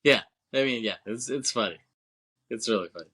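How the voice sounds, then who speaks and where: A man with a bright, forward voice chats casually on a movie podcast. He laughs often, swears freely and acts out bits of the film as he retells it. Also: medium pitch, a little fast, husky. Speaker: podcast co-host.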